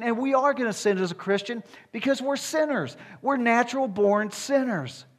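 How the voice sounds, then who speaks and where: A man with a high voice preaches a sermon. He drives each point home with emphatic repetition and climbs to forceful declarations.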